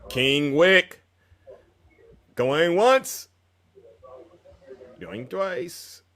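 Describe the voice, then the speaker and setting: A man's voice: a little high, sing-song, extremely slow, fairly bright tone. A man hosting a casual livestream call-in show, teasing and bantering with callers.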